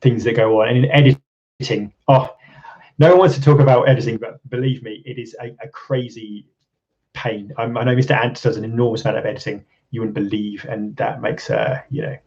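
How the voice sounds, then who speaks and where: A man's voice: mid-range voice, fairly quick, darkish tone, muffled recording. A man from England hosting a casual live stream, rambling with lots of ums and restarts and chuckling often. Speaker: channel host. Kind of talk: casual live-stream chat reading viewer comments.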